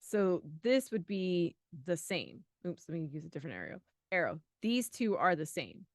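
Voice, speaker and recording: A woman co-hosting a live study stream, chatty and quick to laugh. She talks through answers out loud, her voice a little low for a woman. The sound is close and dry, with no room echo. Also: sing-song. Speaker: exam prep co-host.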